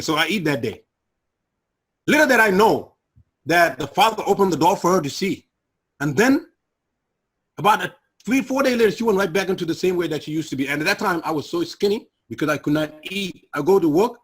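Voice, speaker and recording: A middle-aged man tells his personal testimony in an earnest, emotional way. His voice sits a bit high for a man and has a husky, breathy edge. He sinks low and quiet when the memories turn hard. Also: expressive, a little fast, pauses often. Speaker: guest sharing personal testimony.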